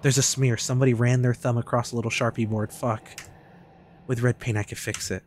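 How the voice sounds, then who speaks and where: A young man streaming a game, giving loud and excitable commentary with lots of swearing and trash talk. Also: medium pitch, a little fast, a little hiss or hum. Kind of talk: casual gameplay commentary.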